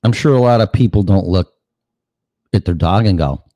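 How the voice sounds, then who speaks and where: A man's voice: low voice, normal speed, mellow, no room sound. A man hosting a show, delivering a sarcastic, profane ranting monologue full of mocking asides. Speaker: show host.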